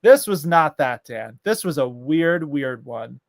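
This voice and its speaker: This is a man co-hosting a laid-back chat show. His voice sits a bit high for a man. He rambles and rants freely and leans on filler words, and the sound is dry with no room echo. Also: expressive, unhurried, gravelly. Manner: ranting, exasperated. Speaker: podcast co-host. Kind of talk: casual chat.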